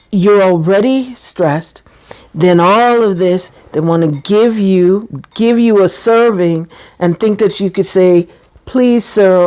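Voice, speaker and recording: A woman talking about her own experience, chatty and quick to laugh, who acts out little quoted exchanges and at times grows teary. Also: lowish voice, dark tone. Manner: chatty, laughs often, drifts into quoted voices. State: getting teary. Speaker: channel host sharing her experience. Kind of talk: personal talk to camera.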